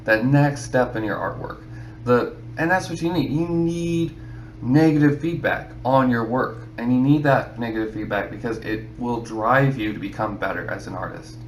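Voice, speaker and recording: A man's voice: medium pitch, moderate pace, roomy sound, a little hiss or hum, poor audio. A man giving casual advice to other artists, rambling and filling his talk with "you know". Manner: rambling, repeats himself, many "you know"s.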